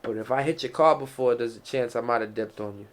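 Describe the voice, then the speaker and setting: A young man with a medium-pitched voice talks fast over a loud crowd, hosting a casual podcast. He tells loose, profane stories and keeps restarting his sentences.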